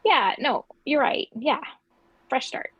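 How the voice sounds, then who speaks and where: A woman voicing a dry, skeptical teenage girl with a deadpan delivery, in a fan table read. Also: sits high, slow pace, highs cut off, heavily acted.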